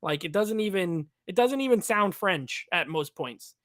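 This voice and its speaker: A man's voice: high voice, expressive, normal speed, a bit bright, no echo, clean studio sound. A man co-hosting a casual movie review chat over a video call, rambling and filling his talk with "like.". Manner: rambling, heavy use of "like". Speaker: podcast co-host.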